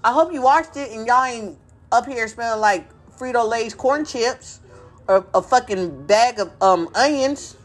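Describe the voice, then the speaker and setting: A woman's voice: on the high side, lively intonation, measured pace. A woman hosting a podcast, delivering an angry, profane, confrontational monologue and mocking others in quoted voices. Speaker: podcast host.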